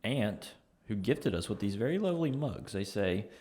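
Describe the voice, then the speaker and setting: Young male podcast co-host, low-pitched, relaxed and easygoing. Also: moderate pace. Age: young adult. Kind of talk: casual chat.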